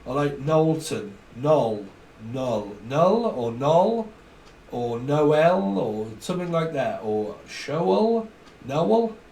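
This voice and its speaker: A man's voice: a little high, sing-song, extremely slow, creaky, mellow, distant mic. A man giving a casual tarot reading, joking and riffing on wordplay and rhymes. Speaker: tarot reader. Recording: roomy with faint noise.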